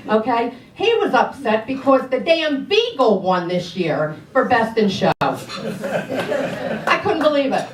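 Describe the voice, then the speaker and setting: A woman's voice: on the high side, big pitch swings, slow. A middle-aged woman doing stand-up in a brash, sassy way, ribbing the crowd. She is picked up from a distance, so the room rings around her voice. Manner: brash, sassy, talks to the audience. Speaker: stand-up comedian. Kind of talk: stand-up comedy set. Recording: roomy sound from a distance.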